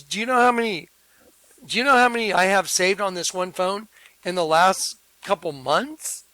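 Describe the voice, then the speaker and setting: Sarcastic high-voiced man ranting. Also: moderate pace, pushed and bright, dry recording, low-quality recording. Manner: sarcastic, combative, repeats himself; preachy religious language. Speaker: video host. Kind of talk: ranting monologue to camera.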